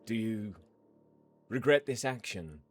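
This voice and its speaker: A man voicing a wary priest in a confessional who speaks in a hushed, evasive, pastoral way. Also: lowish voice, expressive, slow pace.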